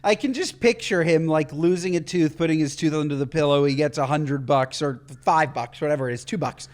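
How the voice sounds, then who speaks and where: A man co-hosting a podcast in casual chat, expressive and quick to rant and laugh. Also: a little high. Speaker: podcast co-host.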